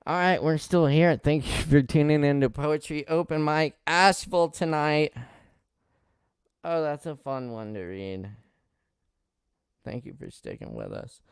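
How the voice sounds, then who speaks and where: A man hosting a live-streamed poetry open mic. He reads poems with loud, impassioned outbursts and talks in relaxed, quick asides between them. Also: on the high side, clear, resonant tone, dry recording, studio quality. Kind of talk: live-streamed poetry reading and host talk.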